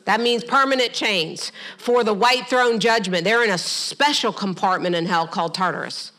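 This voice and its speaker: Bright, forceful middle-aged woman preaching. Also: medium pitch, moderate pace. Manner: animated preaching with humorous asides; acts out quoted voices in passing. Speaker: pastor. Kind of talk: sermon.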